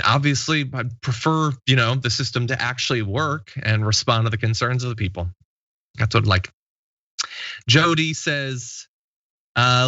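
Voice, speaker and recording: A man's voice: medium pitch, sharp tone, no room sound, lo-fi sound. A man in his late thirties hosting a casual live stream, reading viewer comments aloud and laughing easily. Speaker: show host.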